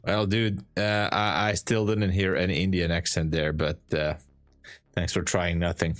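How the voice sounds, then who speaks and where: A man's voice: low voice, level tone, a little slow, faint music behind. A man streaming his live day trading, chatting casually and hesitantly, often restarting his sentences and teasing dryly.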